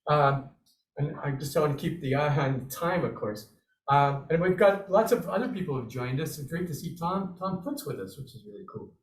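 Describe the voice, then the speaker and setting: A man's voice: on the high side, expressive, moderate pace. A man giving an online snare drum lesson, upbeat and encouraging, walking through scores and vocalizing the rhythms. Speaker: drumming instructor. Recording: roomy, slightly distant video call audio.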